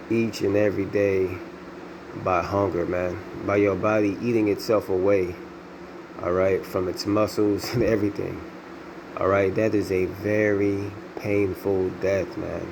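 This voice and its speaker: Deep-voiced man preaching over background hiss. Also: vocal fry. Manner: loose and repetitive, tags lines with "man, all right?". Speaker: bible teacher. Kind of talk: scripture reading and preaching.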